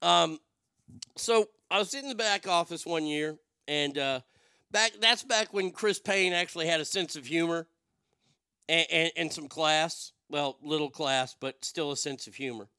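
A man's voice: a little high, a little slow, clean tone, no room sound, clean studio sound. A man hosting a radio show, telling a story and then going into a profane, building rant. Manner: profane, building to shouted outrage. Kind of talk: storytelling and ranting.

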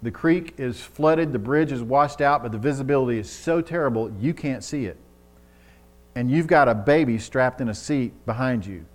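A male preacher with a middle-range voice delivers a sermon in an easy, talky manner. He acts out little scenes with quoted voices and swells into loud, urgent emphasis at key points. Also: mid-range voice, moderate pace.

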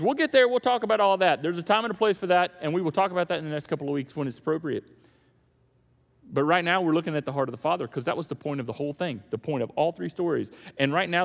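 A man delivers a sermon in a high-pitched voice. He keeps it conversational and animated, like he's telling a story. The sound carries a long reverb from a church hall. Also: gravelly. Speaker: pastor. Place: church auditorium.

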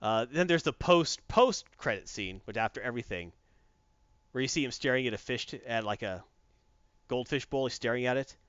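Lively guy chatting about a movie, smooth clear voice, dull lo-fi dry sound. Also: medium pitch, normal speed, no room sound. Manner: animated, acts out scenes in funny voices. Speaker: podcast co-host. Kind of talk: casual movie review chat.

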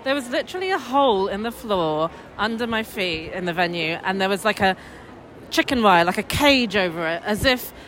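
A woman's voice: mid-range voice, expressive, normal speed, a bit bright, slight background noise. Blunt London woman telling a story. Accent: London English. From England. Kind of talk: casual chat. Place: outdoors on a city street.

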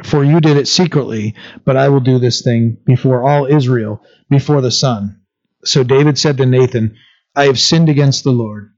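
A man's voice: medium pitch, moderate pace, darkish tone. Preaching man, slightly muffled recording. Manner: conversational preaching with fillers and restarts. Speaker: pastor. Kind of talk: sermon. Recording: slightly dull lo-fi sound.

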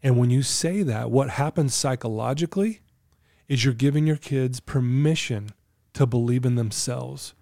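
Earnest man with a warm, dry voice. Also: medium pitch, moderate pace, vocal fry, no room sound. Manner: earnest, coaching tone with anecdotes. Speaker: podcast guest. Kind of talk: casual podcast chat.

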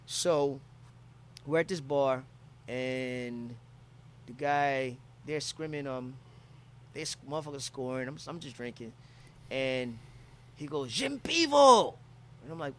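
A man's voice: mid-range voice, steady tone, unhurried, pauses often. A man from Philadelphia telling a travel story in casual, profane talk, acting out quotes from people he met.

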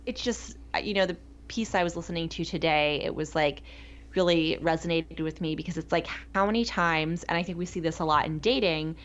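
Chatty woman, low voice, dull sound. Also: brisk. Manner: chatty, enthusiastic, many fillers. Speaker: podcast co-host. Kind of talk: casual chat. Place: New York.

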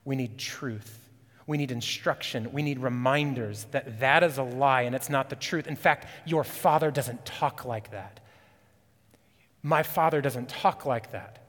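A man preaching a sermon as pastor, earnest and urgent, rising on questions and dropping low and quiet for emphasis. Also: a little slow, long reverb tail.

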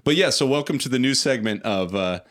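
A man in mid-range pitch co-hosting a relaxed podcast chat. He jokes quickly, teases his co-host and laughs easily. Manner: jokey, laughs often, quick banter.

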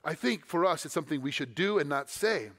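A pastor preaching a sermon in an easy, conversational way, dropping quiet and then pressing points with emphasis. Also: male voice, a little high, lively intonation, brisk.

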